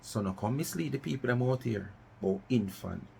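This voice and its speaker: A man's voice: mid-range voice, lively intonation, fairly quick, vocal fry, a little mellow, slight background noise. A middle-aged Jamaican man from West Kingston ranting in commentary, challenging listeners with repeated rhetorical questions and slipping into patois. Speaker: vlogger.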